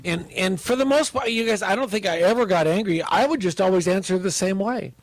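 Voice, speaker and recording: A middle-aged male pastor telling a humorous personal story in a relaxed, conversational sermon. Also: sits high, a little fast, dry recording.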